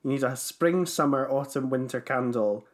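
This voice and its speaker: A young man, chatting casually on a podcast, animated and teasing and quick to laugh. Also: medium pitch. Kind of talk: casual chat.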